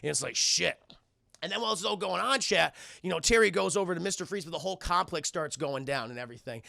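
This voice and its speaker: A man giving a casual, excitable and profane commentary as a cartoon reviewer, often talking to his chat. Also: sits high, fast talker, vocal fry, no room sound, clean studio sound.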